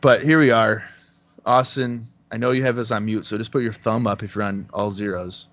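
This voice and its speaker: A man co-hosting a casual podcast who reads off long lists of results in a dry, steady run, speaking over a remote call. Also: fairly low pitch, moderate pace. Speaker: podcast co-host. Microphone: remote call headset mic. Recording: dull lo-fi call audio.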